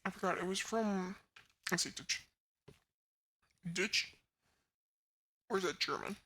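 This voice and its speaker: A woman's voice: medium pitch, slow, pushed and bright, husky. A woman chatting casually to her live stream chat from her room at home, laughing often and talking to viewers. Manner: giggly, chatty, talks to chat. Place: bedroom at home.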